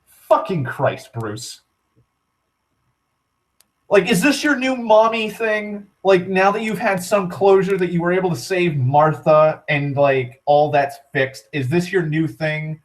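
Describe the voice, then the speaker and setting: A young man with a high-pitched voice vlogs at a measured pace. His talk is a rambling, profane, casual rant packed with "like" and frequent sentence restarts.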